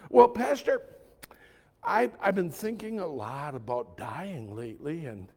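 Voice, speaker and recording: A man voicing an anxious adult woman who haltingly asks how to get to heaven, stumbling over her words. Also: low-pitched, expressive, mellow, slightly rough, long reverb tail, voice pushed down, full character voice.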